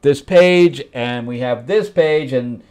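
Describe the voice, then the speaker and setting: Brief: male host critiquing a comic, blunt and exasperated, mocking the story in quick asides. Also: medium pitch, darkish tone, smooth. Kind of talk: comic book review.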